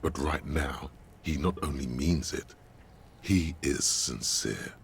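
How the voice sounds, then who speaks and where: A man's voice: extremely low pitch, takes it slowly, vocal fry, slight background noise, heavily acted. A man giving grave, ominous scripted narration as a detective's inner voice in a video game.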